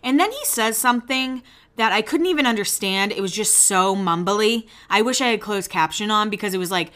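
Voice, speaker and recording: A woman's voice: mid-range voice, animated, brisk, fairly bright tone. A woman hosting a podcast, giving a casual, gossipy recap and acting out quoted lines in shifting voices, with the odd casual swear. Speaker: podcast host recapping a reality show. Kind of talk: casual chatty recap commentary.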